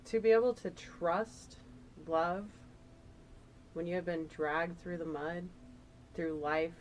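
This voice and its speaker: A woman's voice: on the low side, steady tone, slow, low-quality recording. A woman giving a casual, chatty tarot reading, rambling and emotional as she talks through the cards. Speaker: tarot reader.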